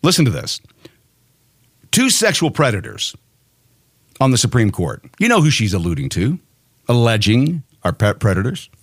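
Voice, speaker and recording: A man's voice: medium pitch, huge pitch swings, normal speed, pauses often, no room sound, clean studio sound. A man hosting his own opinion podcast, ranting in an angry, profane and mocking way. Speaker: podcast host.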